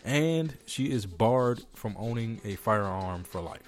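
Low-voiced man joking through news. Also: lively intonation, a little slow, faint music behind. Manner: joking, reads news articles aloud. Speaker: podcast host. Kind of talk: casual podcast banter.

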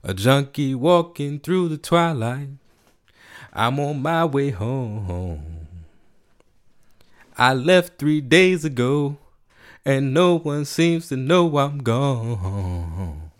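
A man's voice: medium pitch, sing-song, very fast, few pauses, sharp tone, dry recording, studio quality, pitched above the performer's own voice. A man doing a mournful poet-singer.

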